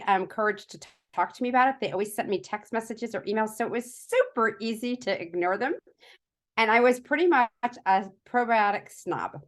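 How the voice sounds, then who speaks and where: A woman in her forties tells a rambling personal story in a casual, chatty way. She pokes fun at herself as she goes and fills her sentences with "like" and "um." Her voice sits at an ordinary middle pitch. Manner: chatty, self-mocking, lots of fillers. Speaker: product testimonial speaker.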